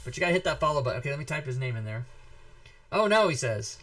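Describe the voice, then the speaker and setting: Animated, profane male show host. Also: medium pitch, very fast. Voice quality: animated, profane, shouts when reenacting. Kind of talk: casual storytelling and giveaway.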